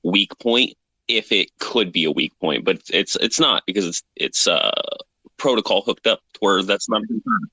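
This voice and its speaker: Low-voiced man asking rambling questions. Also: moderate pace, pushed and bright, breathy edge, no room sound. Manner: rambling, hesitant, polite. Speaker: audience member asking a question. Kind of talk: live audio Q&A.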